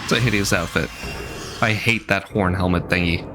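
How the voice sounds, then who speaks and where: A man streaming a game gives blunt, joking commentary in a relaxed voice. His pitch sits low, and soft music plays quietly behind him. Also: normal speed. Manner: chatty, blunt, self-deprecating. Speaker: VTuber streamer. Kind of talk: casual gameplay commentary.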